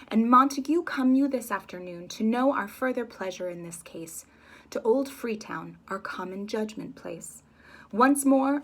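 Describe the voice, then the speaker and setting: Woman reading as a stern ruling prince, loud, slow, raised pitch, commanding. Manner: commanding, proclaiming. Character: stern male prince, ruler of a city.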